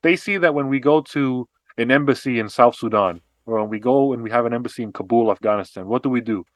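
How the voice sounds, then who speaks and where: A man co-hosting a podcast talks through history and politics in a lively, explanatory way. He often restarts his sentences and drops in fillers. His voice sits at a middle pitch and sounds dry and close to the mic. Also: fast, dry recording. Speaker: podcast co-host. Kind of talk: casual political discussion.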